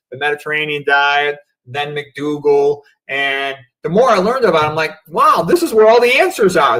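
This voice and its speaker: A man's voice: a little high, fairly bright tone, low-quality recording. A middle-aged man, a physician guest on a remote video call, talking in a reflective, philosophical way and often saying "you know" and "okay". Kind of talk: casual livestream interview.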